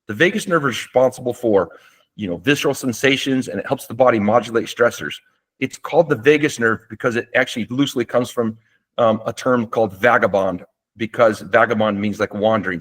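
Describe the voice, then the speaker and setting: Man teaching calmly in a webinar. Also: medium pitch. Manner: relaxed explanatory, with fillers and restarts. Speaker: doctor presenting a webinar. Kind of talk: webinar lecture. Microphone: seated at a desk.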